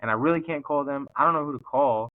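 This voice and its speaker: Animated man with New York accent. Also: medium pitch, fast talker, no room sound. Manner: animated and slangy, acts out scenes. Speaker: podcast host. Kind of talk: casual storytelling. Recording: tinny phone-like dry sound.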